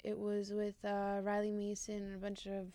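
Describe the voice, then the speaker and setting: A young woman answering interview questions casually, giggly and halting with many fillers. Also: medium pitch, completely flat delivery, warm tone, no echo. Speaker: interview guest, adult film performer.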